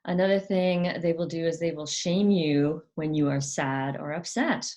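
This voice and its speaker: A woman's voice: low voice, normal speed, darkish tone. A woman hosting her own channel, talking casually and hesitantly with many fillers, sometimes putting on a mocking voice to quote others. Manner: acts out quoted parents in a raised, mocking voice. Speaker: channel host. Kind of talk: casual talk to camera.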